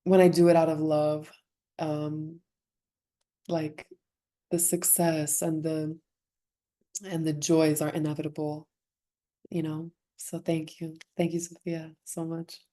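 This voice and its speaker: A woman's voice: sits low, little pitch movement, takes it slowly, pauses often, dark tone. A young woman, a former swimmer, speaking as a podcast guest in an earnest, emotional way, laughing often and restarting her sentences. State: emotional, close to tears. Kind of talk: heartfelt conversational interview.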